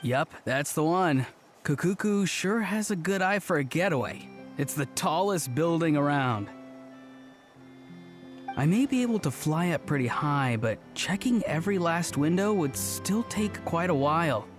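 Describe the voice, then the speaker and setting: Brief: an easygoing young game guide, lightish voice, soft music behind. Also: male voice, a little high, lively intonation, a little slow. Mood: breezy. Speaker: game character voice. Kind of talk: game dialogue. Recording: game audio with music under it.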